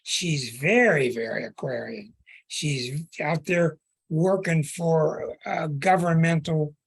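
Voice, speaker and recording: Male astrology host, slow and husky, earnest preacher's delivery with stretched words. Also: a little high. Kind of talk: podcast monologue.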